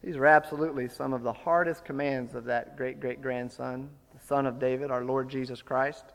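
A man preaching a sermon, retelling a story with lively, building emphasis. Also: mid-range voice, a little fast, creaky, long reverb tail. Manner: storytelling, animated, rising to forceful emphasis.

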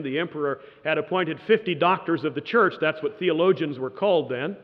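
Man lecturing in a reverberant hall. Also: fairly high pitch. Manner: emphatic, with dramatic pauses and swells. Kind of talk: dramatic historical storytelling lecture. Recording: dull lo-fi sound in a reverberant hall.

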